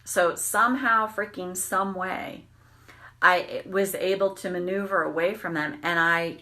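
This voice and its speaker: A woman coaching on tapping, telling candid, animated stories and swearing freely. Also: medium pitch, measured pace. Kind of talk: casual storytelling monologue.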